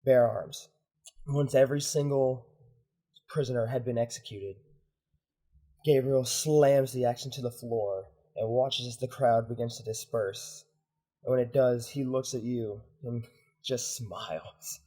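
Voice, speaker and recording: A man narrating as game master of a tabletop roleplaying game, in a measured way. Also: mid-range voice, fairly even intonation, mellow, husky.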